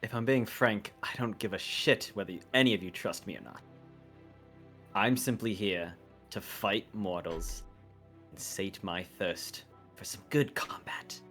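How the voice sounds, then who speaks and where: A man's voice: on the low side, unhurried, a bit bright. A man voicing a demon warrior in humanoid form who talks in a sarcastic, mocking way. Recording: faint music behind.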